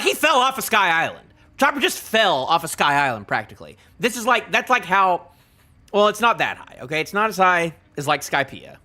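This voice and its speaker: A man hosting a live reaction stream, chatting loosely and stumbling through restarts as he reads panels aloud. His voice sits a touch high and sounds bright, with an animated, swooping delivery. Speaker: streamer reacting to a manga chapter.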